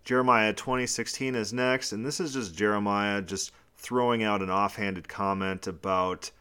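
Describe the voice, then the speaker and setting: A man's voice: lowish voice, steady tone, normal speed, pushed and bright, clean tone. A man teaching a podcast Bible study, reading scripture passages aloud and then explaining them plainly.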